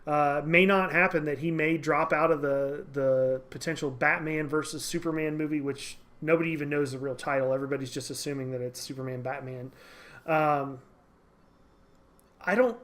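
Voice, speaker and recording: Chatty podcast host man, slightly high. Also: fairly even intonation, normal speed, a bit bright. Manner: rambling, self-interrupting joke teller. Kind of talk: casual podcast banter, telling a joke.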